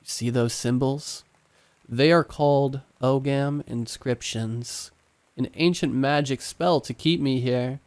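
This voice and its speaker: Slow hissy spooky wood spirit, guy reading it in a dry close voice, coaxing and mean. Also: mid-range voice, darkish tone, dry recording, natural voice. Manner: slow, measured, hissing. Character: sinister wood spirit trapped below, coaxing and contemptuous.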